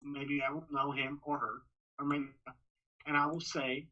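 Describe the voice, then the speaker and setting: This Texas ring announcer has a fairly high-pitched voice, heard through muffled sound. Speaking informally in a podcast interview, he's quick and animated, stumbling into restarts and repeating himself often.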